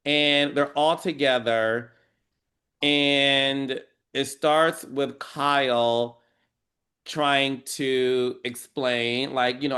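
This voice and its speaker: A man hosting a casual reality-TV recap chat, animated and dramatic, acting out quoted lines in squealing voices. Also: medium pitch, drawn-out words. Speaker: podcast host.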